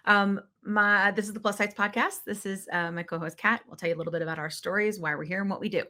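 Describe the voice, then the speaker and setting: A woman's voice: medium pitch, fairly even intonation, quick pace, bright, forceful tone. A woman hosting a podcast, talking in an upbeat, chatty way with frequent ums. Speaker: podcast host. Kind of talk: casual podcast chat.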